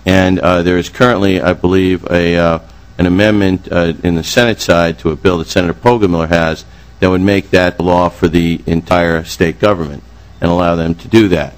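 Low-voiced older man testifying, rambling. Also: fairly even intonation, normal speed, clean tone, low-quality recording. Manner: rambling, heavy uh fillers, formal address. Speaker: witness before a committee. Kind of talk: committee hearing testimony. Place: legislative committee room.

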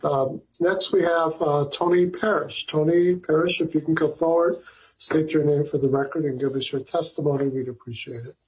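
A man's voice: on the high side, steady tone, normal speed, darkish tone, dull audio. Courteous man chairing a committee hearing. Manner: courteous, hesitant, with many fillers.

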